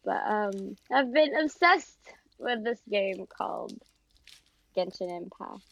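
A woman's voice: medium pitch, slow pace, vocal fry, no room sound. Young woman chatting, gushing, lo-fi. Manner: animated, gushing, self-deprecating jokes. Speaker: podcast co-host. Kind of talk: casual chat. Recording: dull lo-fi recording.

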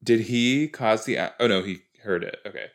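Speaking at normal speed in a lowish register, a man riffs on a TV episode for his podcast. His talk wanders loosely, broken up again and again by his own exclamations.

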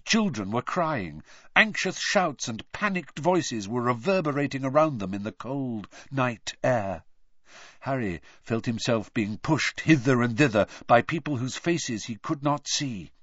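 A male audiobook narrator with a lively, rising and falling delivery, reading the story with plenty of expression. The sound is dry and close, slightly dull like a lo-fi recording. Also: medium pitch, unhurried, no echo. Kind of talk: scripted narration.

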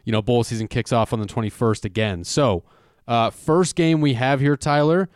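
A man's voice: medium pitch, moderate pace, smooth, no echo, clean studio sound. A man hosting a sports betting podcast, giving brief, wry interjections and running the show's rundown. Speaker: podcast host. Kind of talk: casual sports chat.

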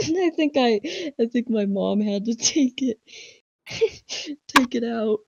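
Animated young woman, dull call audio. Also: on the high side, gravelly, no echo. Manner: animated storyteller, laughs often. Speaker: podcast co-host. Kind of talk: casual chat. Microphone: online voice call.

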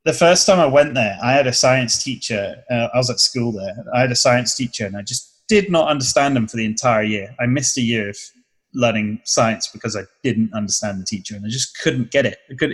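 A man's voice: medium pitch, fairly bright tone, breathy edge, poor audio. Guy chatting away, rambly, keeps restarting sentences, normal mid voice. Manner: rambling, chatty, self-correcting. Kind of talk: casual chat.

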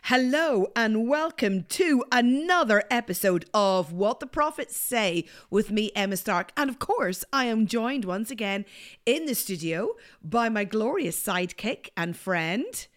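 A woman with a Northern Irish accent hosting a faith podcast in casual chat, lively and playful as she teaches. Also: fairly high pitch, unhurried. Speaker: podcast host. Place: home office at a table. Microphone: studio microphone.

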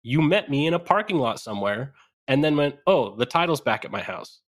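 A man chatting casually with his co-host, quick to laugh. His middle-pitched voice swings widely in pitch as he talks. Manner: laughing, lively banter. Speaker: podcast co-host. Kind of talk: casual chat.

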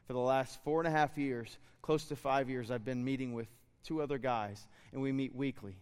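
A man in his thirties giving a sermon as a pastor, relaxed and storytelling, then rising to fervent exhortation. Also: medium pitch, moderate pace, smooth, big-room sound. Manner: conversational, building to fervent exhortation.

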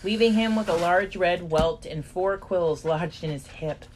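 A woman's voice: lowish voice, measured pace, a little hiss or hum. A young woman co-hosting a casual podcast, swearing freely and teasing in a playful, sarcastic way. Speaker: podcast co-host. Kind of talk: casual chat.

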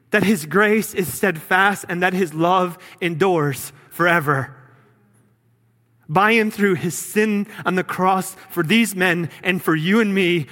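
A man preaching a sermon as pastor, earnest, sometimes dropping low and quiet for emphasis. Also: big-room sound.

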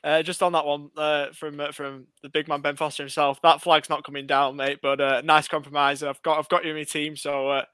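A man's voice: fairly high pitch, level tone, a little fast, few pauses, bright, forceful tone, smooth, no echo. A man co-hosting a fantasy football podcast, bantering and plugging the show. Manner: bantering, calls people mate. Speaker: podcast co-host. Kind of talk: casual fantasy football chat.

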